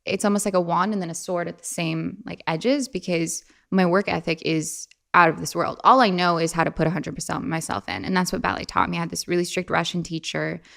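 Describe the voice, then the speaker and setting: A young woman talking casually as an interview guest, animated and chatty, often putting on a playful high voice when quoting. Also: brisk, creaky, hardly any pauses.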